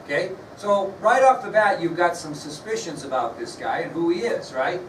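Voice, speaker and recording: A man lecturing a classroom in a relaxed, conversational way, often checking that his students are following. His voice sits a bit high for a man. He is recorded from across an echoey room, with faint noise underneath. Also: moderate pace, far from the mic. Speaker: history teacher.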